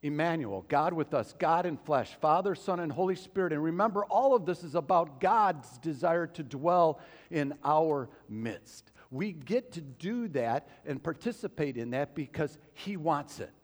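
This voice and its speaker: A man's voice: on the high side, expressive, a little slow. A man preaching a sermon as pastor, asking the congregation questions as he goes. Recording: long hall reverb.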